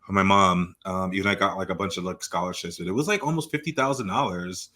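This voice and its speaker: Brief: young male podcast co-host, relaxed chatter, bright tone. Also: low-pitched. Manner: easygoing, laughs a lot, drawn-out fillers. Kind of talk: casual chat.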